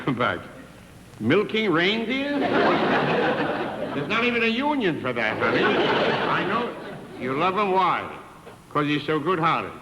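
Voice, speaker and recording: An older man performs a vaudeville stand-up routine, wisecracking through one side of a telephone call. His voice leaps up and down, a little higher than most men's. It was captured in an echoey 1960s television theater with a long reverb and clear crowd noise behind him. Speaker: comedian. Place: theater stage with live audience.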